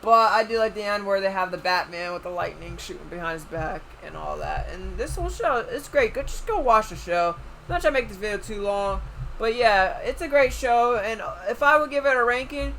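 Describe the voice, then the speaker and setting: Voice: medium pitch, animated, brisk, creaky, a bit bright, slight background noise, rough recording. A video reviewer talking casually and loosely, rambling a bit and swearing now and then.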